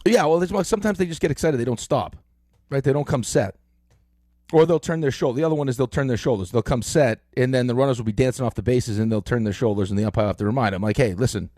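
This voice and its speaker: A middle-aged man hosting a sports radio show, telling stories in an animated way with lots of fillers, on a close studio mic. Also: mid-range voice, fast, no room sound. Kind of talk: casual sports talk.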